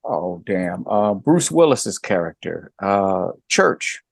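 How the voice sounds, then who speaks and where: Middle-aged male co-host, deep gravelly voice, lively movie chat, dry recording. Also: takes it slowly, dry recording. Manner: animated, jumps high in pitch when making a point. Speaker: guest co-host. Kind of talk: casual chat.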